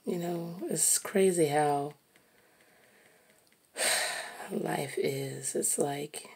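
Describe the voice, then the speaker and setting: A woman musing aloud while she draws, slow and reflective, sometimes dropping to a soft whisper. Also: deep voice, vocal fry, breathy edge. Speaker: artist narrating while drawing. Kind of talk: reflective casual monologue.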